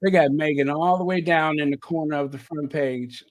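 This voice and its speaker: A man's voice: on the high side, moderate pace. A man hosting a channel, chatting casually and thinking aloud as he talks straight to his viewers. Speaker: channel host. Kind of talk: casual live reaction commentary.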